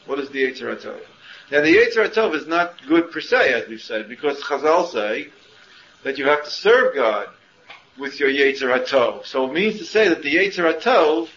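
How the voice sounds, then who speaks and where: A Torah teacher lectures a class on Jewish thought, using rhetorical questions and restarting often. His voice is a little high and a bit bright. The classroom recording is muffled and roomy, with faint ambience and slight background noise.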